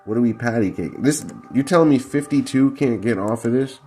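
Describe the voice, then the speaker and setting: A man's voice: medium pitch, brisk, warm tone, husky, faint music behind. A man breaking down football game film in a heated, profane, combative rant. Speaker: football analysis vlogger.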